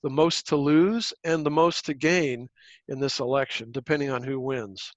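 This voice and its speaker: A man's voice: medium pitch, steady tone, moderate pace, no echo. A man co-hosting a podcast, talking bluntly and casually about politics, swearing freely and restarting his sentences. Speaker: podcast co-host. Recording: dull lo-fi dry sound.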